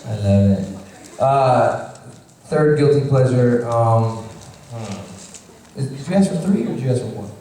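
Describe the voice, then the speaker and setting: A man's voice: medium pitch, expressive, slow, mellow. A man actor answering fan questions on a convention panel, joking and teasing. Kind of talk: casual panel Q&A. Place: convention hall stage. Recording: echoey hall recorded from far off.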